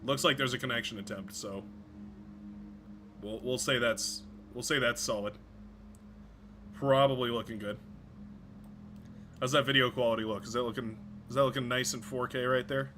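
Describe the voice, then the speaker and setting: A man's voice: medium pitch, steady tone, normal speed, long pauses, sharp tone, a little hiss or hum. A man streaming a video game live, chatting casually and rambling, often stumbling over his own words.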